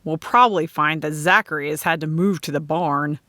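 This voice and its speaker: A woman voicing a brisk, teasing, practical friend who loves sharing news. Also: sits low, fairly bright tone, dry recording, studio quality, voice pushed down.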